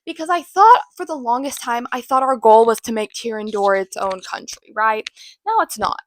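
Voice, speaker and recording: Chatty rambling woman host, high voice. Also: expressive, moderate pace, slight background noise. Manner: rambling, chatty, self-mocking asides. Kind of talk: casual book recap chat.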